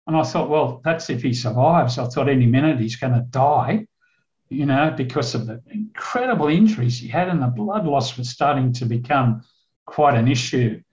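A man's voice: mid-range voice, animated, moderate pace, darkish tone. An older man, preaching a sermon through a vivid story and acting out the dialogue. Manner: vivid storytelling, acts out dialogue in his telling. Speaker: guest preacher, retired police officer. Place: church. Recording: echoey, dull church recording.

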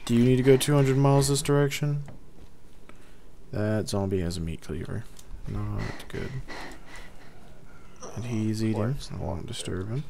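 A man's voice: on the low side, measured pace, creaky, long pauses, dark tone. A man casually commenting while playing a game with his cousin, joking and exclaiming at what happens. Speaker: gaming co-host. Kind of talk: casual let's-play commentary. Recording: noisy game-capture audio.

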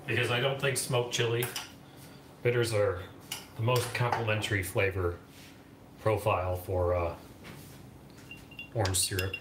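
A man's voice: lowish voice, fairly even intonation, a little slow, long pauses, background noise. Chatty man in an echoey kitchen. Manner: chatty, rambling, enthusiastic. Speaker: cooking vlog host. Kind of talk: casual chat. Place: home kitchen. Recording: echoey kitchen with clattering dishes.

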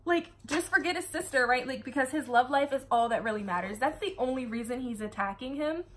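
A woman's voice: sits high, brisk, a bit bright. A woman reviewing a book in a casual, chatty way, full of sarcastic asides and laughter.

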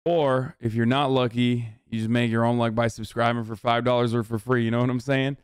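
A male streamer reacting on a live stream, speaking in a smooth, clear voice with no room sound at all. He rambles through fillers and swears freely as he comments. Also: medium pitch, fairly quick, dry recording, studio quality. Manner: profane, animated, rambling with many fillers. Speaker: streamer reacting to a cooking show.

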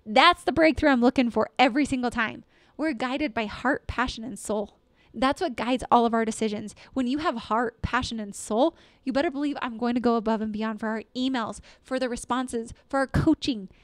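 A woman hosts her own podcast, speaking with energy and emphasis and circling back to repeated affirmations. Her voice sits a little high. The recording is dry and close, with no room sound. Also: normal speed, no echo. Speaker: podcast host and dental practice consultant. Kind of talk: solo motivational podcast talk.

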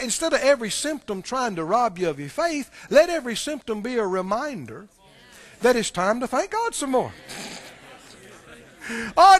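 Male preacher, very high bright voice, animated sermon, quizzing the church crowd.

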